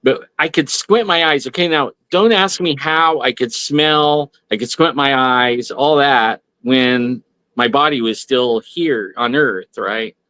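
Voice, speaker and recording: A man's voice: medium pitch, slow pace, bright, forceful tone, no room sound. A man telling a personal story on a talk radio show, rambling with many restarts and fillers. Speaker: guest. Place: radio studio.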